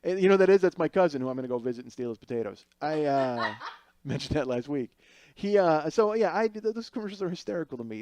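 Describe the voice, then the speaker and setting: A man's voice: fairly high pitch, big pitch swings, fast talker, darkish tone, dry recording. A man hosting a podcast, riffing in a rambling, sarcastic comic monologue full of restarts and asides. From Chicago area. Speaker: podcast host. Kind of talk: casual comedic monologue.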